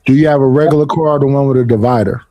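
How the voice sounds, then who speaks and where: A man's voice: mid-range voice, steady tone, rapid-fire, dark tone, no echo. A man in a casual chat who asks short questions and makes dry remarks.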